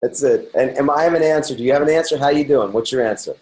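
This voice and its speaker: A man's voice: mid-range voice, fast, darkish tone, poor audio. A middle-aged man from New York hosting a podcast, talking in an upbeat, rambling way with many restarts and fillers. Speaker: podcast host. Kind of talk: casual interview chat.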